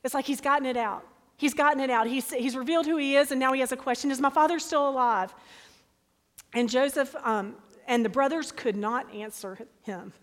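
A woman preaching a sermon, reading scripture aloud with dramatic, expressive delivery. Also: high voice, brisk. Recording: long hall reverb.

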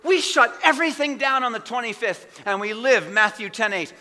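A man preaching a sermon in a church, impassioned, swinging between hushed asides and loud declarations. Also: very high-pitched, expressive, moderate pace, in a large hall.

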